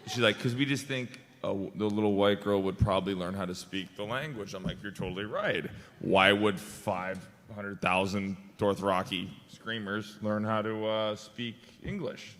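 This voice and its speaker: An American man telling stories on a convention panel, animated and laughing, acting out quotes. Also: lowish voice, normal speed, few pauses, a little hiss or hum. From United States. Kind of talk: casual storytelling. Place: large convention hall. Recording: echoey convention hall.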